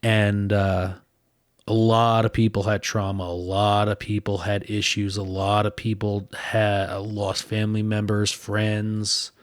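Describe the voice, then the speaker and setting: A man's voice: lowish voice, monotone, a little slow, dry recording, clean studio sound. A man from northern New Jersey, a podcast host telling a story in a casual, chatty way full of fillers and raised mimicking voices.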